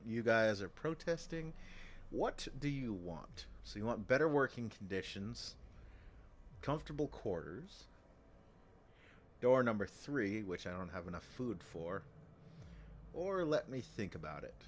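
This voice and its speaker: Low-voiced man streaming a game. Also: big pitch swings, a little slow, pauses often, a little hiss or hum. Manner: low, muttered mock-villain asides. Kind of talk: casual gameplay commentary.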